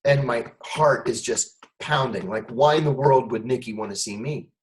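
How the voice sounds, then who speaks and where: A man answers an interviewer's questions in long, lively stories. He mimics the people he quotes and speaks with a steady, mid-pitched voice. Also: normal speed, rough recording. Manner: animated storyteller, acts out quoted voices. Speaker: guest, former intelligence officer.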